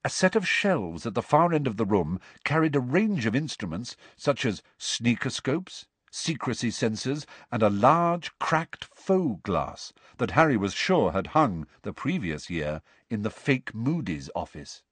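A man narrating an audiobook with expressive storytelling. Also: mid-range voice, measured pace, few pauses, breathy edge, no room sound. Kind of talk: scripted narration.

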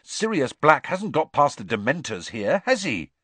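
A man's voice: fairly high pitch, sing-song, moderate pace, sharp tone, breathy edge, dry recording, pitched above the performer's own voice, heavily acted. A man voicing a determined, pointed teenage boy who speaks up firmly.

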